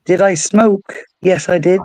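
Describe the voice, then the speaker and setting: A woman with a deep, husky voice speaking firmly and forthrightly as a guest in a casual stream chat. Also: measured pace, mellow, poor audio. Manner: firm, forthright.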